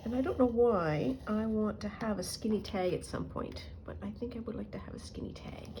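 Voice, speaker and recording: A woman's voice: medium pitch, fairly quick, mellow, a little hiss or hum. A middle-aged woman telling rambling stories and muttering to herself as she works on a junk journal in a casual crafting vlog. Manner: rambling storyteller, muttering to herself while working.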